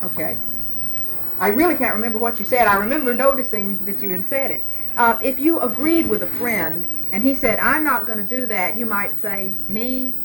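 A woman's voice: fairly high pitch, normal speed, a bit bright, a little hiss or hum, rough recording. A woman interviewer who patiently prompts answers by starting sentences and leaving them for the other person to finish. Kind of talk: dialect survey interview.

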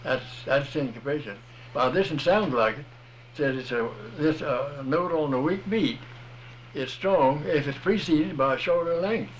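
A man's voice: on the high side, measured pace, slight background noise. A man in a casual recorded conversation, explaining rhythm and accents in a plain-spoken, folksy, patient way. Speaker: music teacher explaining rhythm.

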